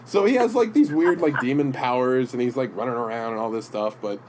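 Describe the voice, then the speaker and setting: A man with a middle-pitched voice chats casually as a podcast co-host, telling stories in a rambling, halting way. Faint ambience sits behind him in a room. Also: darkish tone, a little hiss or hum, poor audio. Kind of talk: casual chat. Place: indoor room with comic prints.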